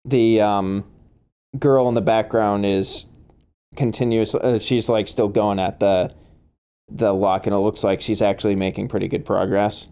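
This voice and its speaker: A man's voice: on the low side, flat delivery, a little slow, mellow, clear, resonant tone. A man running a tabletop game as game master, laughing often and talking with many fillers and restarts.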